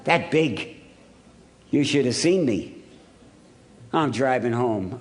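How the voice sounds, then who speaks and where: At a recovery meeting held in a hotel conference hall, the Ohio speaker recounts his journey in a mid-range, animated voice at a slow pace. He keeps it wry and punchy and leans heavily on repetition.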